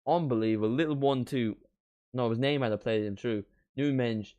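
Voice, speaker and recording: A young man doing a live football watchalong, reacting to the match and chatting with viewers, bursting into shouts at big moments. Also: mid-range voice, normal speed, dry recording, lo-fi sound. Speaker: watchalong streamer.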